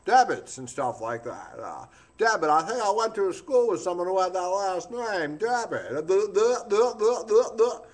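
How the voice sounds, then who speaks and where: In this comic monologue, a man voices a boastful, scatterbrained old newspaperman as a comedian's tribute impression. The pitch is high and very animated, at normal speed with few pauses, and the older character wanders off track, loses his thread and stumbles through his lines.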